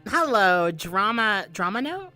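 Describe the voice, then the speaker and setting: A woman hosting a casual livestream, answering viewer questions in a rambling, excitable way, swearing and laughing often. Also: mid-range voice, slow, soft background music. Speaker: VTuber livestream host.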